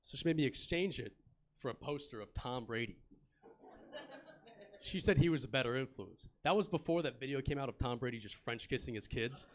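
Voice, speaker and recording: A man's voice: mid-range voice, lively intonation, a little fast, a little hiss or hum. A young man doing a stand-up comedy set in a club, telling stories in a laid-back, chatty way and bantering with the crowd.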